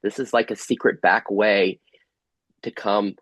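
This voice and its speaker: A man leads a group workshop over a video call. His voice is low and husky, and the sound is dry and close. He asks gentle, inviting questions. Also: fairly even intonation, unhurried, no room sound, low-quality recording. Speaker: workshop facilitator. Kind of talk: guided group workshop facilitation.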